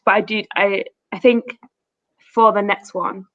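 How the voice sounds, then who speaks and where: A woman's voice: medium pitch, steady tone, unhurried, a bit bright, no echo, dull audio. A woman in her twenties hosting a casual livestream, chatting and reading out comments from the chat. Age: 20s. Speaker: host.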